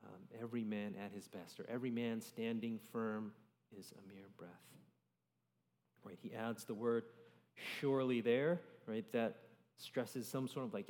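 A young man with a lowish voice preaches a sermon in a relaxed, conversational way. He keeps tagging his points with "right?" as he moves through scripture. The long reverb of a large church hall carries his words.

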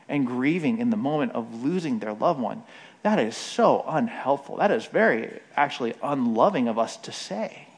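A man giving a conversational sermon, often checking in with "right?" and briefly acting out the voices of the people he quotes. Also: mid-range voice. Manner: frequent "right?" tag questions, acts out quoted voices. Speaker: preacher.

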